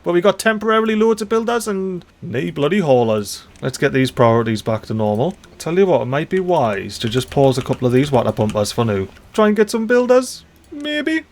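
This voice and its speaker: A chatty, excitable man with a fairly high voice gives casual commentary over his own gameplay. He swears mildly, uses dialect slang and keeps talking straight to the little characters on screen. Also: fairly quick. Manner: excitable, talks to the game characters. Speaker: let's play host.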